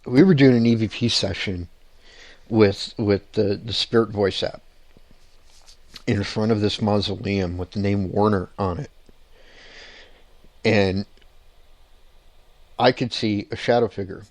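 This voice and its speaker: Man, paranormal show host, lowish voice, excited rambling storyteller, laughs a lot, dry sound. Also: a little slow, pauses often, no room sound. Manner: animated, laughing, rambling with restarts.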